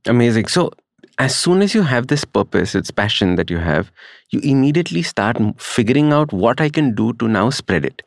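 A man's voice: medium pitch, sing-song, fairly quick, gravelly, no echo, clean studio sound. A man hosting a podcast, affirming and summing up his guest's points in a conversational way. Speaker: podcast host.

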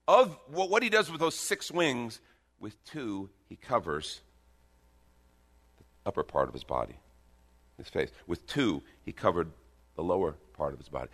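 A man preaching a sermon in a church, animated, with bursts of emphasis and joking asides. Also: lowish voice, a little slow. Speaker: pastor. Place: church sanctuary.

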